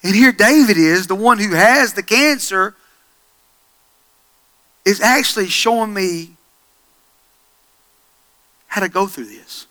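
A middle-aged male pastor preaching a sermon, swinging from hushed storytelling to loud, excited passages. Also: sits high, takes it slowly, long pauses.

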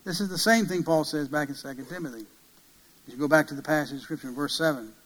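Man, preacher, sermon, slightly raised pitch, loud then hushed, rhetorical questions. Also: fast talker, rough recording. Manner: emphatic, swings between loud peaks and hushed low passages; asks the listeners many rhetorical questions.

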